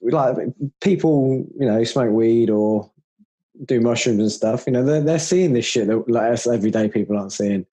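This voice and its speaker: A man hosting a casual podcast chat, relaxed, laughing often and swearing now and then. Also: mid-range voice, moderate pace.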